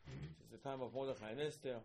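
A man teaching a Torah class, animated and rhetorical, asking questions and reciting passages quickly. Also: medium pitch, vocal fry, a little hiss or hum.

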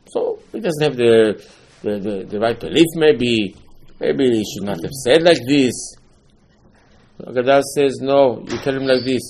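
A man gives an animated Passover sermon as a Torah teacher, full of rhetorical questions and repeated phrases. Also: medium pitch, fairly quick.

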